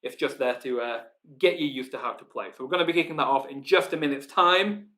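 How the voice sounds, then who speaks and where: A man's voice: medium pitch, fast talker, a bit bright. A man with a Yorkshire accent hosting a live online pub quiz, chatty, reading out team names and laughing often. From Yorkshire, England. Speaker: quiz host.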